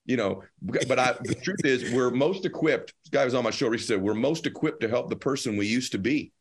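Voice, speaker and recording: Male host, middle-pitched, earnest, casual interview chat. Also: animated, fast, breathy edge. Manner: earnest, jumps high when joking. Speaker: podcast host.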